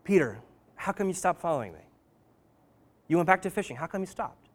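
A man voicing Jesus as a calm, gentle teacher, in a lower and quieter voice than his own. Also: a little fast, close to an everyday voice. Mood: gently knowing.

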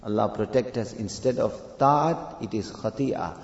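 A man preaching a sermon, telling a story and reciting Arabic verse, rising to loud emphatic peaks. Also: on the low side, unhurried, creaky. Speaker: Islamic preacher. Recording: echoey hall, dull lo-fi sound.

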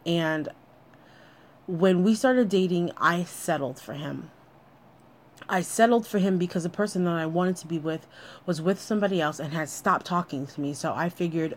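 Woman, slightly low register, blunt and profane, personal storytelling monologue. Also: moderate pace, a little hiss or hum.

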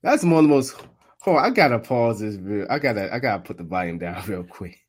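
A man doing casual live play-by-play of a football game, trash-talking and laughing, swinging from muttered asides to loud outbursts. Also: lowish voice, animated, fast, slightly rough. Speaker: live sports commentator and streamer.

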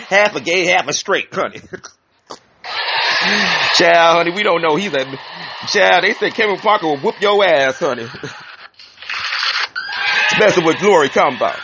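Sassy high-voiced New man. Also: moderate pace, long pauses. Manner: sassy, theatrical, calls listeners honey and child. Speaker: community radio host. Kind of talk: flamboyant comic commentary. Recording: dull lo-fi recording with loud hiss.

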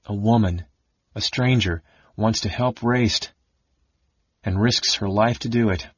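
A man's voice: on the low side, takes it slowly, slightly rough, no room sound. A man voicing a big, weak-willed warrior who speaks in a mournful, sulky way. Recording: muffled lo-fi recording.

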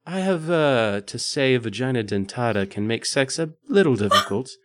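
A man's voice: medium pitch, animated, moderate pace, fairly bright tone, slight background noise, natural voice. A man reading aloud voices a cold, seductive woman who purrs and smirks. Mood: coolly taunting. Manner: purring, smirking, unbothered.

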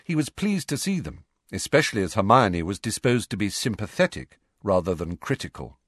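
A man reading an audiobook aloud in an expressive, lively way. His voice is on the low side but rises and falls widely. The sound is close and dry. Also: fairly quick, breathy edge, dry recording. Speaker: audiobook narrator. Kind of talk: scripted narration.

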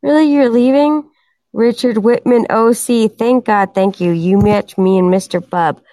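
A tired, hoarse woman hosting a casual livestream and chatting with her viewers. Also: on the high side, fairly even intonation, unhurried, dark tone, no room sound. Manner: chatty, addresses viewers in chat. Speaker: livestream host.

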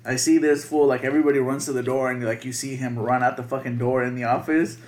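Crude, animated young male podcaster. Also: medium pitch, quick pace. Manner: crude, animated storytelling full of profanity. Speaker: podcast co-host. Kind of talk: casual chat.

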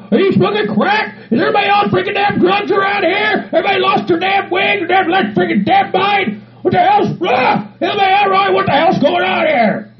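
A man voicing a loud hillbilly, rambling and quick to blow up. His voice sits high and gravelly, like a lo-fi home comedy sketch. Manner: rambling, peppers talk with "by God", bursts into shouting. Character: rowdy hillbilly man checking into an asylum.

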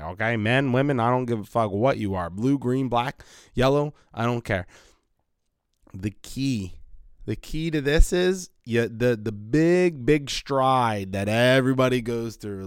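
A man's voice: mid-range voice, clear, resonant tone, no room sound, studio quality. A man hosting a solo podcast, rambling and swearing casually with many restarts, sounding a bit tired. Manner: rambling, profane, restarts often. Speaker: podcast host.

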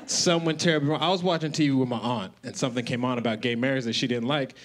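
A man's voice: mid-range voice, brisk, background noise. A man from Colorado doing a loose, conversational stand-up set on a stage mic in a comedy club. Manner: loose, conversational, swinging into loud character voices. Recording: live comedy club with audience laughter.

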